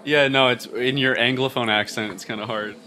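A man's voice: medium pitch, steady tone, a little fast, bright, forceful tone. A man co-hosting an improvised comedy podcast, throwing in dry quips.

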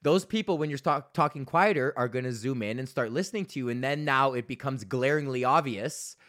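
A man's voice: medium pitch, a little fast, a bit bright. A man in his thirties from Alberta, a comedian hosting his own show, rambling through a profane story and laughing at his own jokes. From Alberta, Canada. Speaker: podcast host and stand-up comedian. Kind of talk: casual storytelling monologue.

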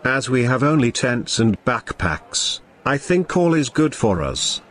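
A man voicing Grandolph, a grand, theatrical wizardly man who speaks in a slow, melodious old-fashioned way. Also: mid-range voice, big pitch swings, a bit bright. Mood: reasoning.

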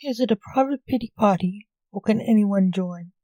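A woman's voice: mid-range voice, normal speed, dark tone, no room sound, natural voice. A woman reading as a kindly young prince. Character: friendly, helpful young prince, male.

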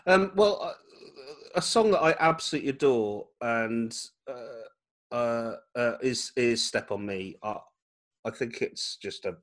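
A man's voice: medium pitch, measured pace, a bit bright. A man hosting a podcast interview, chatting casually, enthusiastic and fan-like with hesitant fillers. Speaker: podcast host.

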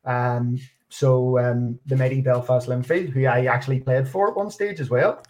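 A Northern Irish man talking as a guest on a podcast. He speaks hesitantly and fills his sentences with ums and restarts. His voice sits at an everyday middle pitch. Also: steady tone, moderate pace, a little mellow. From Northern Ireland. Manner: hesitant, many fillers and restarts. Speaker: guest, card designer. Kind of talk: casual chat.

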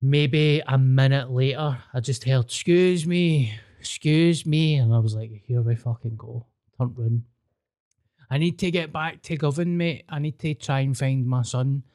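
A Scottish man with a mellow, relaxed timbre tells stories on a podcast. His talk is casual and peppered with swearing. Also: mid-range voice, moderate pace. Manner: sweary, storytelling. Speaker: podcast host. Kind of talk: casual chat.

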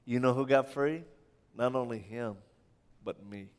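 Brief: male preacher, mid pitch, fervent sermon with stammered restarts and pointed questions, long hall reverb. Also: a little slow, smooth. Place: church sanctuary.

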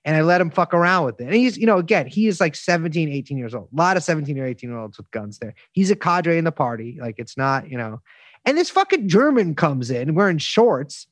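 A man's voice: fairly high pitch, big pitch swings, fairly quick, no echo. Guy rambling through a story, lots of likes and restarts, swears a lot, dry close sound. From United States. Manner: rambling, many restarts and fillers, profane. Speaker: guest. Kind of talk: casual storytelling interview.

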